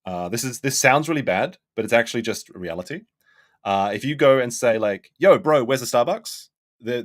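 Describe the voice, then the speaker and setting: Male streamer, low voice, blunt skeptical commentary, dry close mic. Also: a bit bright, dry recording. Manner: skeptical, blunt, thinks aloud. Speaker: streamer reacting to a documentary. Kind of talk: live stream commentary, reading chat.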